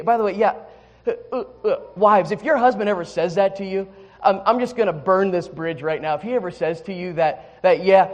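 High-voiced male pastor preaching candidly. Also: dull audio. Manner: candid storytelling with many restarts and fillers. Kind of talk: sermon.

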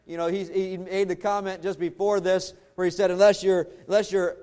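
A pastor preaching a sermon in an earnest way, slowing down and dropping low to stress his points. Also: level tone, dark tone. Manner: earnest preaching, slows and drops low for emphasis.

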